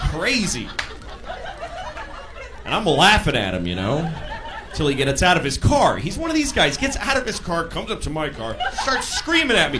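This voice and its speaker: A man doing a stand-up comedy routine on a club stage, animated and sometimes shouting. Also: a little high, normal speed. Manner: animated, bursts into shouted impressions. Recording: live club with crowd laughter and noise. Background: audience laughing.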